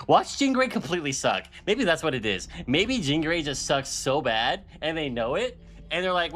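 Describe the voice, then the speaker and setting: Male streamer, frustrated live-stream rant, swooping pitch, faint music behind. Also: very animated, a little fast, fairly bright tone. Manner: ranting, frustrated, laughs often. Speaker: gaming streamer.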